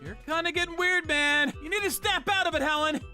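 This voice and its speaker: A woman's voice: very high-pitched, fairly quick, sharp tone, faint music behind. A woman voicing a blunt young female private investigator who teases her friend. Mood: teasing. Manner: brash and teasing.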